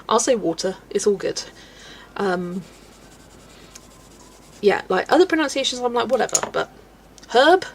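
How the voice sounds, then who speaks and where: Chatty woman, gravelly voice. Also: fairly high pitch, unhurried, pauses often, a little hiss or hum, poor audio. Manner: chatty, laughs often, animated rants. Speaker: colouring livestream host. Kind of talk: casual live-stream chat while colouring.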